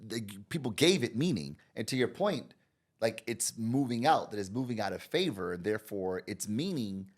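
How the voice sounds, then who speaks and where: A middle-aged American man talking as a guest in a casual conversation, animated and laughing often. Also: fairly low pitch, moderate pace. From United States. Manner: animated, laughs often, quotes others in voices.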